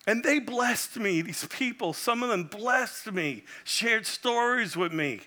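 A middle-aged man from Puerto Rico preaches as a visiting pastor. His voice is bright and forward, set a little high. He swings from loud, fervent exclamation down to quiet, intimate prayer. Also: animated, takes it slowly. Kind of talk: sermon.

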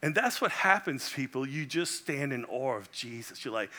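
A middle-aged man from Puerto Rico preaching a sermon as a visiting pastor, passionate and swinging between loud exclamations and hushed prayer. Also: mid-range voice, lively intonation, moderate pace, hardly any pauses.

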